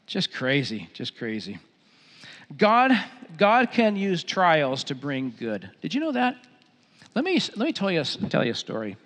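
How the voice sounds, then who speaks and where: A middle-aged man preaching a sermon as pastor in a church auditorium, telling stories in an animated way and repeating phrases. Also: mid-range voice. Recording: long hall reverb.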